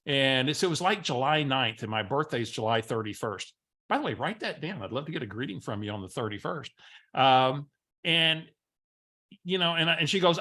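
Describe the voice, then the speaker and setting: A man's voice: a little high, animated, normal speed, sharp tone. A man presenting a coaching webinar as host, telling stories energetically with frequent filler sounds. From San Antonio area, Texas.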